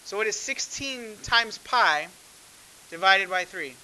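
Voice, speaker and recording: A man's voice: high voice, animated, slow, bright, forceful tone, slight background noise, rough recording. A man teaching a math class, talking conversationally and asking the class frequent questions. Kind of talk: classroom lecture.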